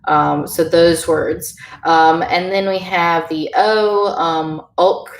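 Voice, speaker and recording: A woman teaching a beginner online language lesson, halting, with many fillers. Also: lowish voice, fairly even intonation, roomy sound.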